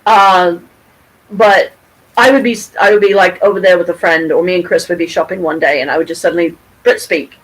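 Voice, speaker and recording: A middle-aged woman from Michigan telling a story to her camera at home, rambling and animated, with frequent restarts and casual swearing. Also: fairly low pitch, fairly quick, poor audio. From Pontiac, Michigan, USA. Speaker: vlogger. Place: at home, with her cat nearby.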